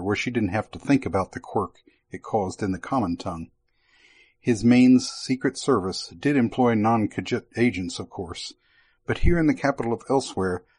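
Husky-voiced male audiobook narrator. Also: on the low side.

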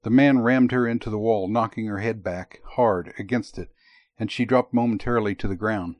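A man narrating an audiobook in a steady, even tone. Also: lowish voice, moderate pace, no echo, muffled recording.

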